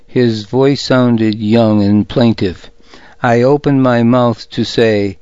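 A man narrating a story in the first person, steady and deliberate. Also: mid-range voice, smooth, dry recording. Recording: dull, dry recording.

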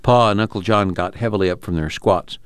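Low-voiced man narrating an audiobook. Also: brisk, clear, resonant tone, dry recording, studio quality.

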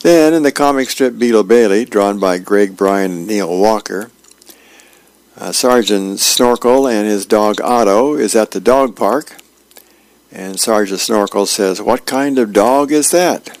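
Low gravelly guy reading the sunday comics out loud, dry close sound, plain and easygoing. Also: no room sound. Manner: plain, unhurried reading with fillers. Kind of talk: reading advice columns and comics aloud.

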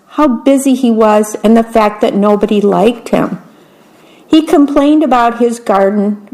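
A woman reading picture books aloud in a gentle, unhurried way, describing the pictures as she goes. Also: medium pitch, low-quality recording. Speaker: storyteller.

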